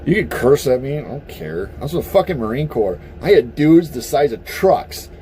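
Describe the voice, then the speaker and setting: Animated, blunt man ranting. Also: a little high, normal speed, slight background noise. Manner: profane and blunt; animated, heated. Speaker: vlogger. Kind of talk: casual opinion rant.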